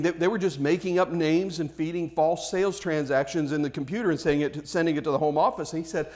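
A man's voice: fairly high pitch, quick pace, hardly any pauses. A man preaching a sermon, fervent and emphatic, often restarting his phrases.

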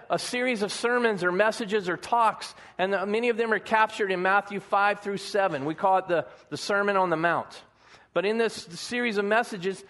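High-voiced man preaching a sermon. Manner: conversational, animated preaching with humor. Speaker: pastor.

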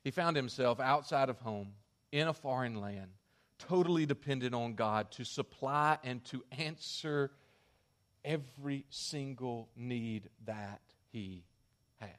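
A male pastor preaching a sermon in an animated, conversational way. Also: medium pitch, normal speed.

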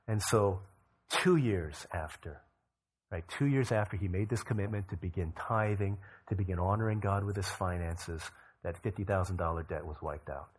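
A male pastor preaching, telling a story with rising bursts of energy and quiet low drops. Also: moderate pace, slightly rough. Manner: energetic storyteller who rises in pitch and volume for emphasis, then drops low. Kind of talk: sermon storytelling.

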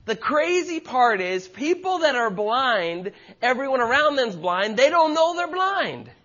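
A man's voice: very high voice, very animated, measured pace, sharp tone, dull audio. A man preaching a sermon with passionate, emphatic delivery and frequent repetition. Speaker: pastor.

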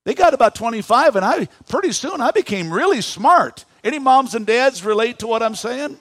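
A man in his fifties preaching a sermon in a church, animated, asking the congregation questions. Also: extremely high pitch, moderate pace, no room sound. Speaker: pastor.

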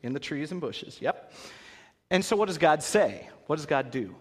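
Man, pastor, lively rising and falling voice, asks the crowd questions, long echo of a big hall. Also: fairly high pitch, normal speed, slightly rough. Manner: animated, acts out voices, asks the audience questions. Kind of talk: interactive Bible lesson. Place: large hall with an audience.

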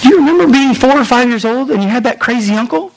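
A man, preaching a sermon in a church and speaking directly to his congregation in an animated storytelling manner. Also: very high-pitched, fast, rough recording. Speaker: pastor. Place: church sanctuary.

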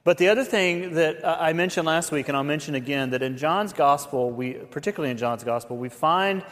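A man's voice: fairly high pitch, fairly quick, a bit bright. Man preaching in a reverberant hall. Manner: conversational, folksy preaching with asides. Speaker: pastor. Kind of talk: sermon.

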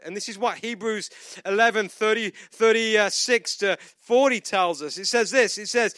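High, bright-voiced young preacher. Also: male voice, moderate pace, no echo, clean studio sound. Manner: storytelling with swings between loud and hushed. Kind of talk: sermon.

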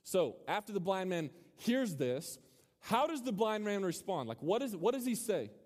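A man's voice: sits high, sing-song, normal speed, darkish tone. A young man preaching a casual, joking sermon to a student crowd and quizzing them as he goes. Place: large hall with a live audience. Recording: hall reverb.

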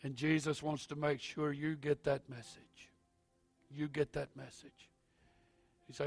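A man preaches from the pulpit in a fairly high voice, alternating soft, halting asides with loud, climbing exhortation. The recording is dry and close. Faint music plays underneath. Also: flat delivery, creaky, husky, no room sound. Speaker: pastor. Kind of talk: sermon.

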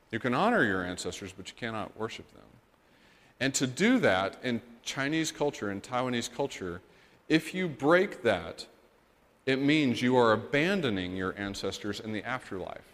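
A man's voice: on the low side, a bit bright. A man from the United States preaching a sermon, telling a story earnestly and building to emphatic points. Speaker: missionary preacher. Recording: long reverb of a church hall.

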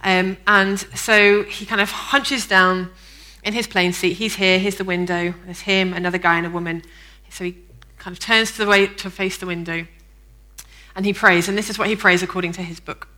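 A woman pastor giving a sermon in a conversational, storytelling way, with fillers and lively acted-out moments. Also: mid-range voice, moderate pace, poor audio. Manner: lively, acts out the people in the story.

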